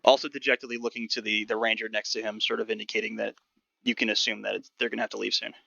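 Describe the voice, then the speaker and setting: A man's voice: fairly low pitch, little pitch movement, fast, creaky, pushed and bright, no room sound. A man narrating as game master of a tabletop game, describing scenes loosely with plenty of fillers. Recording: dull lo-fi dry mic.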